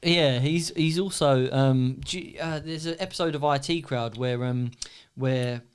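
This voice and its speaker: A man's voice: medium pitch, measured pace, clear, resonant tone. A man, co-hosting a casual podcast chat and retelling scenes with lots of laughter and acted-out quotes. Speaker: podcast co-host.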